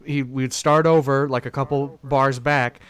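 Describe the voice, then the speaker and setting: A man's voice: medium pitch, fairly even intonation, unhurried, a loud crowd. A young man, a podcast co-host, chatting casually on a call, often stumbling over and restarting his words. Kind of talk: casual group chat. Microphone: own home mic on an online call.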